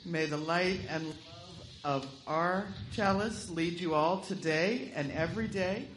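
A woman minister leading a service and telling a joke in a relaxed, deadpan way in a church. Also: lowish voice, a little slow, a little hiss or hum. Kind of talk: sermon with a told joke. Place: church sanctuary. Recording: roomy church sanctuary.

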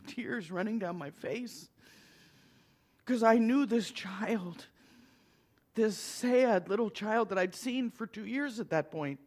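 High-voiced man telling a heartfelt story. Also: takes it slowly, a little mellow. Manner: emphatic, heartfelt storytelling with punchy short phrases. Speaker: minister. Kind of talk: personal storytelling talk to an audience.

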